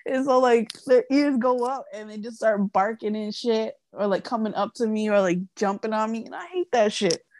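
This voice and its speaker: A woman's voice: fairly high pitch, normal speed, hardly any pauses, darkish tone. Emphatic woman ranting in casual chat. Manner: emphatic, rambling, restarts often. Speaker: podcast co-host.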